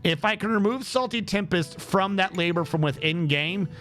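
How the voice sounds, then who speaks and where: A man's voice: high voice, normal speed, fairly bright tone. A man streaming a game, thinking aloud on a headset as he troubleshoots. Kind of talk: casual gameplay commentary.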